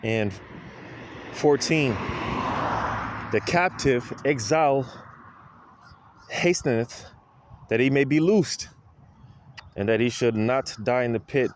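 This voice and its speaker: A man's voice: medium pitch, takes it slowly, long pauses, a little hiss or hum. A man preaching an informal monologue, weary and full of grievance, leaning on "man" and "you know" again and again. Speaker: street preacher.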